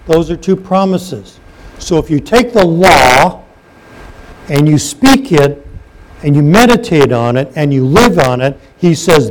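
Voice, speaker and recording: A man's voice: fairly high pitch, sing-song, a little slow, a little hiss or hum, poor audio. A man preaching a sermon, reading scripture aloud and asking his listeners questions. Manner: reads scripture aloud and comments, asks the congregation questions. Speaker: pastor.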